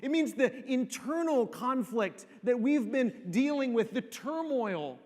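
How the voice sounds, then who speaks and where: A man preaching a sermon, repeating phrases for emphasis and dropping to soft, slow pauses. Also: very high-pitched, animated. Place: church sanctuary. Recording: long reverb of a church hall.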